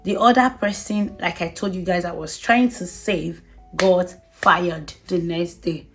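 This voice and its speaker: A woman's voice: lowish voice, fairly even intonation, a little slow, soft background music. A woman giving casual advice to viewers, chatty and emphatic, often repeating herself and laughing. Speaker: vlogger.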